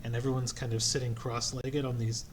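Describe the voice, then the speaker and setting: A man narrating a tabletop game as game master, relaxed and hesitant with many fillers. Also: medium pitch, fairly quick, noisy background. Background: music.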